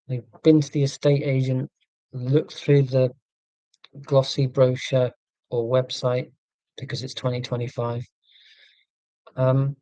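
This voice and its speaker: Man, mellow voice, dry close sound, casual rambling, self-deprecating humour, answering comments. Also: mid-range voice, no echo. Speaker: YouTuber answering viewer comments. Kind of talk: casual rambling live chat.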